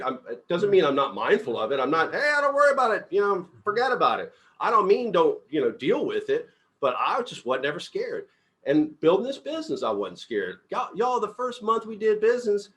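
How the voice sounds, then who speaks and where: A middle-aged man leading a team meeting as company CEO, giving a casual motivational talk and acting out the dialogue in his personal stories with upbeat energy. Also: fairly high pitch. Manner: upbeat, animated storyteller who acts out dialogue.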